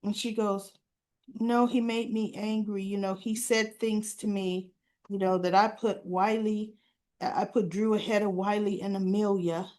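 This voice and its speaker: A woman casually recaps soap opera scenes, acting out the characters' lines and talking back to them with animated indignation. Her voice is mid-range and her pace measured.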